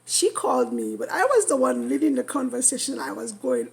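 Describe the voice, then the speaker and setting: A woman in her thirties vlogging, telling an excited story with gushing, animated exclamations. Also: sits high, moderate pace, vocal fry, hardly any pauses, breathy edge. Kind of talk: excited casual vlog.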